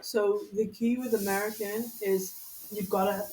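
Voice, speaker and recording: A woman chatting casually on a podcast, playful and lively, showing off accents. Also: mid-range voice, unhurried, recorded from a distance. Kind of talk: casual chat. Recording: echoey room, off mic, faint noise.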